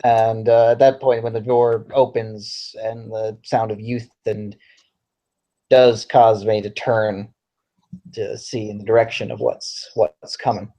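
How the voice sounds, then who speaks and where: A man playing his character in a tabletop game, slow, wistful and reflective. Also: lowish voice, level tone, warm tone. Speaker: player. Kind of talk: in-character role-play.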